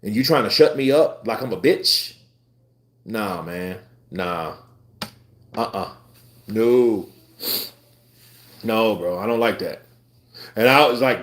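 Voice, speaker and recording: A man hosting a live boxing stream, chatting casually with his viewers in a blunt, profane, animated way. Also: on the low side, slow pace, long pauses. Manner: animated, profane, talks back to chat. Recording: roomy echo.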